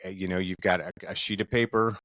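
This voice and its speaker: A man co-hosting a podcast, giving relaxed, informal advice in casual chat. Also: low voice, quick pace, no echo. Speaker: podcast co-host.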